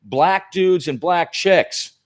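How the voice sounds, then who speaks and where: A man's voice: high voice, takes it slowly. Emphatic man, a talk show guest. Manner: emphatic and profane. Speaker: guest filmmaker. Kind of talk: casual political talk.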